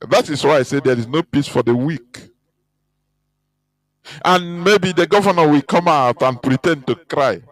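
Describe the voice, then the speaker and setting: A man's voice: a little high, lively intonation, a little slow, long pauses, rough recording. A man giving an impassioned, scornful radio talk, emphatic and mocking. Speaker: radio broadcaster.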